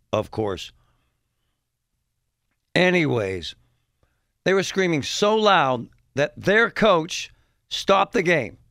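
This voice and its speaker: Gravelly, animated man telling a story. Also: medium pitch, no echo, studio quality. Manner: animated, mocking, impersonates yelling parents. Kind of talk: storytelling monologue.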